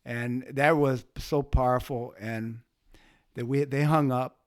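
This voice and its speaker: A man's voice: mid-range voice, fairly even intonation, slow, no room sound, clean studio sound. A man telling a personal story as a guest, speaking casually with restarts and rising emotion. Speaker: guest, bystander who helped.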